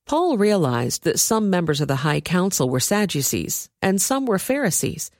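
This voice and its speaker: Low-voiced woman reading scripture. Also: no echo, studio quality. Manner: steady, measured storytelling. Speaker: scripture reader.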